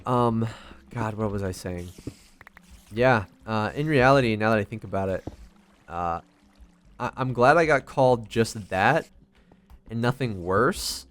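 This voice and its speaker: A man's voice: on the low side, animated, unhurried, long pauses, smooth. A young man giving casual, rambling commentary while playing a video game, swearing a lot and making fun of himself. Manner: rambling, self-deprecating, swears often. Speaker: gaming vlogger.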